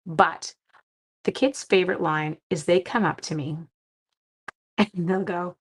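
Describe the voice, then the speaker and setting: A woman's voice: on the low side, unhurried, slightly rough. A woman chatting her way through a live-stream card-making demo, self-mocking and talking to herself as she works. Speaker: seventh-grade teacher.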